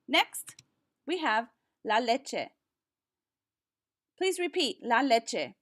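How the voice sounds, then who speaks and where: Slow-spoken woman teaching vocabulary. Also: high-pitched, lively intonation, a bit bright. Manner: slow, careful enunciation with repeat-after-me pauses. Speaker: Spanish teacher. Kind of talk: vocabulary lesson.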